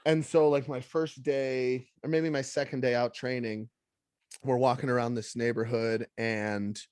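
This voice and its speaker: Man, 30s, podcast co-host, animated storyteller, dry close sound. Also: mid-range voice, measured pace, clean tone, dry recording. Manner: animated storyteller, jumps into quoted voices. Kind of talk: casual storytelling chat.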